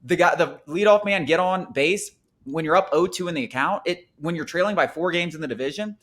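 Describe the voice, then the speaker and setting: A man's voice: on the high side, brisk, a bit bright. Man ranting in a raised voice. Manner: emphatic, exasperated ranting. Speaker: sports talk host. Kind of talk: heated sports talk.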